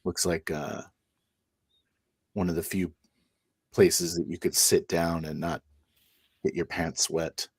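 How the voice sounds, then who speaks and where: A man narrating a tabletop game as game master, halting often with fillers and restarts. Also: low voice, little pitch movement, slightly rough, dry recording, clean studio sound.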